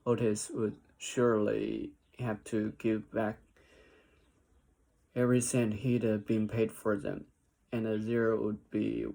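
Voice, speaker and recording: A man with a deep, heavily gravelly voice reads a mystery novel aloud. He goes very slowly and haltingly, breaking off to read out word definitions. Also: mellow.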